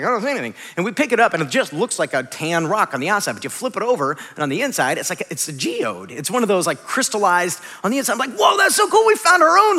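A man in his thirties preaching a sermon as a pastor, telling stories in a lively, conversational way with quick asides. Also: high-pitched. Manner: animated, conversational storytelling with rapid asides. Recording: long hall reverb.

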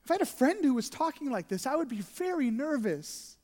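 A pastor preaching an earnest sermon, shifting between emphatic and hushed delivery. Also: high voice, sing-song, brisk, long reverb tail.

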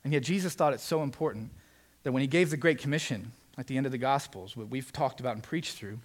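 A man preaching a sermon as pastor, in a conversational, animated way, acting out quotes and asides. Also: medium pitch, fast.

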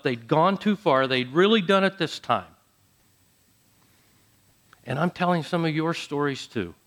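A man preaching a sermon, dramatic, dropping to soft low phrases and then rising to loud emphatic ones. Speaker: pastor.

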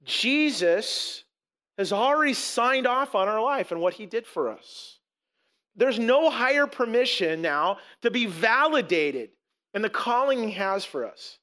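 A man's voice: high voice, big pitch swings, measured pace, pushed and bright. A man preaching a sermon as a pastor, emphatic, asking rhetorical questions and repeating words as he restarts.

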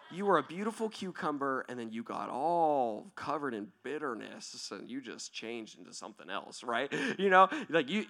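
A man with a high, bright voice preaching a sermon. He tells stories animatedly, jumping between loud acted-out lines and hushed asides. He keeps it conversational, tossing in "right?" again and again. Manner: animated storytelling, acting out quoted voices. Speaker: pastor.

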